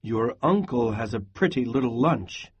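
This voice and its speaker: A husky-voiced man playing a harsh, scornful German soldier, speaking slowly and mockingly. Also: mid-range voice, animated, darkish tone, highs cut off. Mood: suspicious.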